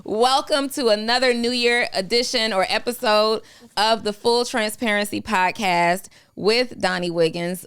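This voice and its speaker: A woman's voice: medium pitch, fairly bright tone, clear, resonant tone, no echo, clean studio sound. A woman hosting a podcast, chatty and bubbly, laughing often and using many fillers as she introduces her guest. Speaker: podcast host. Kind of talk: casual interview chat. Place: studio set.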